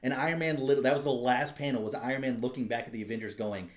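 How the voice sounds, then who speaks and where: A man co-hosting a podcast, telling stories in an excitable, profane casual chat. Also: medium pitch, fast, reverberant. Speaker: podcast co-host.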